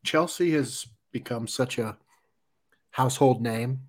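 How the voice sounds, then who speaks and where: Male podcast guest, middle-pitched, easygoing, agreeable storyteller in casual talk. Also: slow pace. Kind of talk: casual chat.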